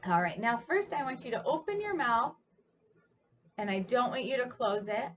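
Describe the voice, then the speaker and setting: A fairly high-voiced woman explains speech sounds in a patient, encouraging way, coaching a young child step by step. The audio is a little muffled, with a faint hiss underneath. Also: expressive, normal speed. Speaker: speech therapist. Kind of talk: instructional demonstration.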